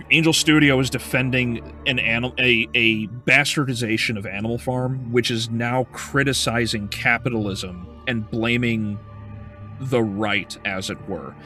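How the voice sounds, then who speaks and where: A man's voice: medium pitch, steady tone, measured pace, pushed and bright, soft background music. A male game streamer in casual livestream chat, ranting heatedly with profanity and frequent stumbling restarts.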